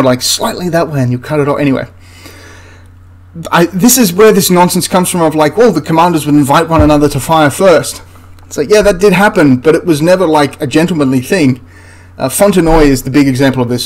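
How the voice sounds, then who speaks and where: A man's voice: on the high side, a little fast. A man giving casual commentary over film clips as a history commentator, sarcastic and exasperated, laughing in disbelief.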